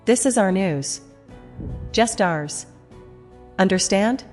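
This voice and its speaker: A woman voicing a clipped, impatient husband who turns low and urgent. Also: expressive, takes it slowly, darkish tone. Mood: controlled urgent. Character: curt, controlling husband. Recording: long reverb, music behind.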